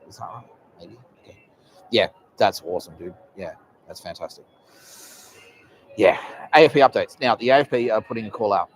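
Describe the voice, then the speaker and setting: A man's voice: fairly low pitch, a little hiss or hum. An Australian man hosting a casual live podcast, rambling and swearing often with frequent laughs. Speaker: podcast host.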